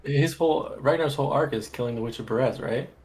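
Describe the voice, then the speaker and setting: A man playing a tabletop game, talking in a halting, self-deprecating way as he describes his character's actions. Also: medium pitch, a little mellow, husky. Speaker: player. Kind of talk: casual tabletop game chat.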